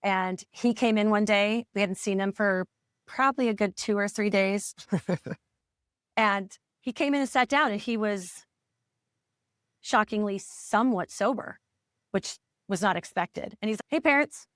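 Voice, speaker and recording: A woman's voice: medium pitch, measured pace, no echo, studio quality. A woman in her forties, a parent coach, telling her family's story in an interview with earnest feeling and acting out the remembered dialogue. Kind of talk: candid personal storytelling in a podcast interview.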